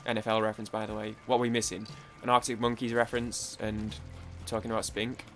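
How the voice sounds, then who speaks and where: A man's voice: fairly low pitch, monotone, quick pace, a bit bright, faint music behind. Rambling young British man gaming. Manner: rambling and chatty, full of fillers and swearing. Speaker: gaming YouTuber. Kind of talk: casual let's-play commentary.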